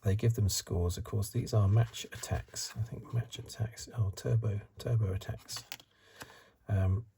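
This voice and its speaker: A middle-aged man hosting a soft-spoken ASMR card review, rambling in asides and drifting into whispers, recorded close to the mic. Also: on the low side, fairly even intonation, unhurried, gravelly, background noise. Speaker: ASMR channel host.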